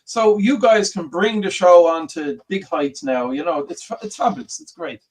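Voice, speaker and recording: An upbeat male co-host talks on a casual livestream in a notably high voice. He stresses his words with plenty of enthusiasm. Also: lively intonation, normal speed, darkish tone, far from the mic. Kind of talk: casual chat.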